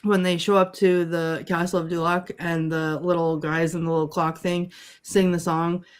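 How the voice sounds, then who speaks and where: A woman's voice: fairly low pitch, little pitch movement, moderate pace, clear, resonant tone. A woman co-hosting a casual panel podcast, playfully reciting film lines with giggles. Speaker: podcast co-host.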